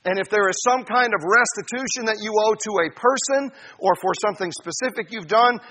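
A man preaching a sermon, animated, addressing his listeners as saints and acting out little voices. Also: high-pitched, fairly quick, slight background noise. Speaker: pastor.

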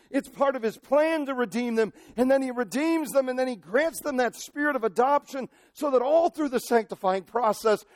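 A male pastor preaching a sermon, impassioned, moving from shouted cries to near-quiet asides. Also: very high voice, dry recording, clean studio sound.

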